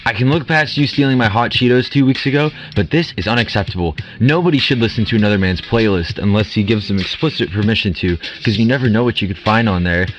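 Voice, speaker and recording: A man's voice: on the low side, fast talker, hardly any pauses, slight background noise, natural voice. A man playing a smug game show host. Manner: teasing, playful. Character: smug male game show host, an ice cream being. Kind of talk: comedic audio drama.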